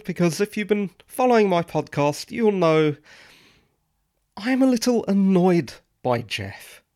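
Slow, wry man hosting a podcast. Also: high voice, darkish tone, no room sound, clean studio sound. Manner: opinionated, wry and dryly sarcastic. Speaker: podcast host. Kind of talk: solo podcast commentary.

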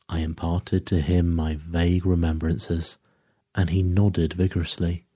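A man reading a sleep story aloud in a slow, measured storytelling manner. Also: sits low, little pitch movement, dark tone, husky, dry recording, clean studio sound. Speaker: narrator.

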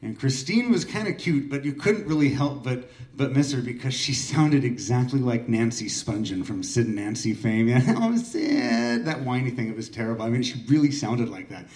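A man's voice: mid-range voice, brisk, hardly any pauses, darkish tone, recorded from a distance. Open mic host in his forties, rambling self-deprecating storyteller, echoey room, heard from across the room. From Oregon, US. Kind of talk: casual personal storytelling. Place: small art gallery room.

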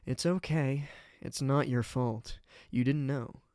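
Man reading a curt, gruff young swordsman. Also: medium pitch, steady tone, slow, darkish tone, no room sound, studio quality. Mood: gentle. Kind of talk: storybook reading.

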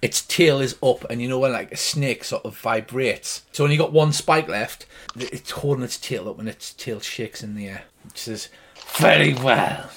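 A man running a tabletop game as game master, narrating in a wry, relaxed way. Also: medium pitch, moderate pace.

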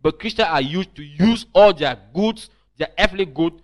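A male preacher with a slightly raised pitch delivers an online teaching sermon. He speaks emphatically, circling back and repeating words as he builds his points. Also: normal speed. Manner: emphatic, repeats and restarts phrases.

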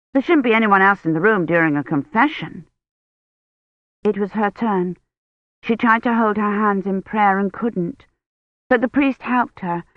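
An audiobook narrator reading a novel in a slow, measured way. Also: medium pitch, no room sound. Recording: dry tinny phone-like audio.

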